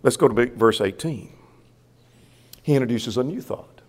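Animated preacher in a reverberant church. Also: male voice, mid-range voice, moderate pace. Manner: animated, asks himself questions and answers them. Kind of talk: sermon.

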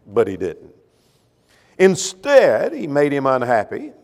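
A man preaching a sermon, with rhetorical questions and swings between loud emphasis and quiet, low asides. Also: huge pitch swings, slow, in a large hall.

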